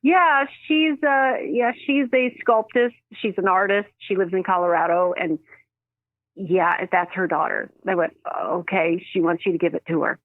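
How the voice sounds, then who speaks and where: A woman who works as a medium, telling stories in an animated way and acting out the voices in them. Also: lowish voice, normal speed, no echo. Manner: animated, acts out quoted voices, laughs often. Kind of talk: storytelling in a phone interview. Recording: dry tinny phone line.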